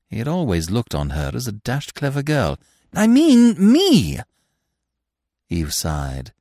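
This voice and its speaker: A man narrates classic fiction in a lowish voice. His delivery is richly expressive and rises and falls all over. The recording sounds dry and close. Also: dry recording. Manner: expressive, storytelling.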